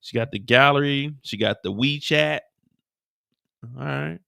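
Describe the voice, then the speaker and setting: A man hosting a live after-show, recapping an episode in a profane, animated storytelling way. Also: medium pitch, unhurried, vocal fry, smooth, no echo, studio quality. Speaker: show host.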